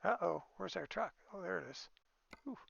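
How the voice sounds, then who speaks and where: A man with a heavily gravelly voice talks through a truck-building game in an easygoing, off-the-cuff way, thinking aloud as he goes. The sound is dry and a little dull, recorded close on a desk microphone. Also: sits high, lively intonation, moderate pace, a bit bright, no room sound. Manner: easygoing, thinking aloud with fillers and small exclamations. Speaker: gaming video creator. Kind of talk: casual gameplay commentary.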